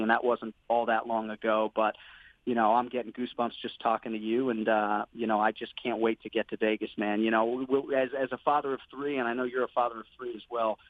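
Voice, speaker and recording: A man's voice: medium pitch, no room sound. A man in his thirties, a sports commentator, chatting in an interview about his work and family in an earnest, enthusiastic way. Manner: earnest, enthusiastic, with fillers like "you know" and "man". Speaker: MMA play-by-play commentator, guest. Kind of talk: casual interview chat. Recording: tinny phone line, dry.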